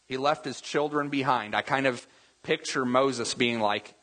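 Man, pastor, conversational sermon, rhetorical questions, bright husky tone. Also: mid-range voice, unhurried. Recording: reverberant hall.

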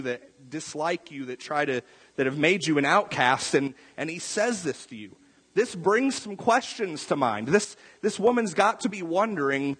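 A man's voice: on the high side, fairly bright tone, husky. A man preaching a sermon in a conversational way, peppering his points with rhetorical questions and tag questions. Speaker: pastor. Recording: long reverb of a large hall.

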